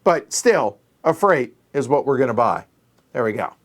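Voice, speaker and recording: Middle-aged male host thinking aloud over a board game, quiet muttered counting, mid-range voice. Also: mid-range voice, very animated, moderate pace. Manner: counting aloud under his breath while thinking; muttering, self-correcting. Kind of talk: solo board game play-through.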